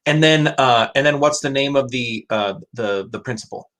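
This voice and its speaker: A man's voice: mid-range voice, normal speed, a bit bright. A man hosting a casual live-stream chat, speaking in a hesitant way with many restarts. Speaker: host.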